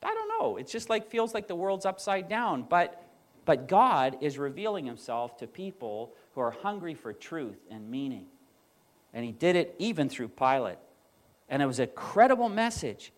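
A male pastor preaching a sermon, telling stories and quoting others with animated emphasis. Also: fairly high pitch, moderate pace.

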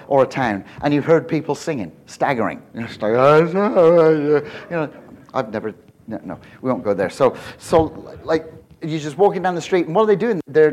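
A man preaching a conversational sermon in a church, joking and animated, with self-deprecating asides. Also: on the high side. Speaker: pastor.

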